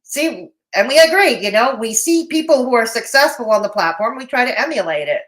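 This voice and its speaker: A woman's voice: a little high, animated, fairly quick, fairly bright tone. A woman hosting a live commentary stream, blunt and mocking in tone, with a Canadian accent. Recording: roomy echo.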